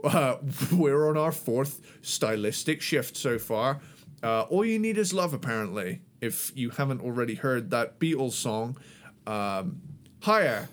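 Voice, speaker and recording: A man's voice: medium pitch, expressive, slight background noise. A man chatting casually as podcast co-host, reviewing an album with wry asides and frequent laughter. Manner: laughing often, unhurried, wry. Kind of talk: casual music review chat.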